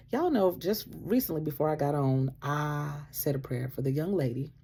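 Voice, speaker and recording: A woman casually telling a personal story, animated, acting out what people said and laughing often. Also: deep voice, measured pace, slightly rough. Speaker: vlogger sharing a faith testimony.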